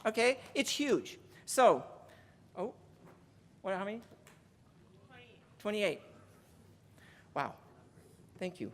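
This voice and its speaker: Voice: medium pitch, big pitch swings, slow pace, long pauses. Speaker in a reverberant hall. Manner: chatty, reading out donor names and counting down. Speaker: union legislative presenter. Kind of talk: conference speech. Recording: long reverb of a large hall.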